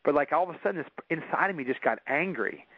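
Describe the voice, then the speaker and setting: A man's voice: fairly high pitch, lively intonation, fast talker, breathy edge, no room sound. A man as an interview guest, telling a personal story in earnest with frequent restarts. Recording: dull dry recording.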